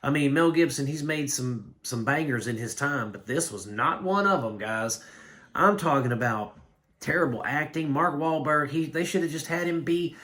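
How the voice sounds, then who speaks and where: A man giving a casual spoken film review, blunt and rambling, with animated complaints. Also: fairly high pitch, moderate pace. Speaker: movie reviewer.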